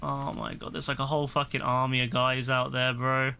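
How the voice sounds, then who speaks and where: Swearing young gamer, bright voice. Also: male voice, mid-range voice, fairly quick, vocal fry, clear, resonant tone. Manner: swears a lot, exasperated, excitable outbursts. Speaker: gaming streamer. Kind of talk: casual gameplay commentary.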